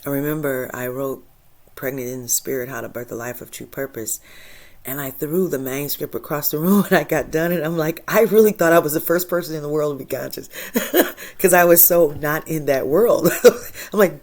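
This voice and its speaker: A woman hosting her own spiritual channel, talking casually and with feeling, laughing often and swinging from soft to loud. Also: low voice, moderate pace. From Michigan. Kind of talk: casual inspirational monologue.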